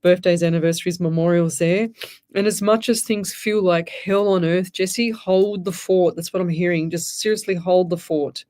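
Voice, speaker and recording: A woman's voice: lowish voice, steady tone, moderate pace, a little mellow. Chatty woman radio host. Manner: chatty, emphatic, rambling with restarts. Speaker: psychic medium radio host. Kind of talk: live radio call-in readings. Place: radio studio.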